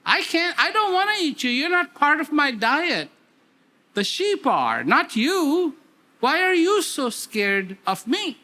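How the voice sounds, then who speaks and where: A man's voice: very high-pitched, sing-song, takes it slowly, bright, forceful tone, pitched above the performer's own voice, full character voice. A man voicing a big, wise adult lion who speaks patiently and firmly to reassure a frightened cub. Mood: calm.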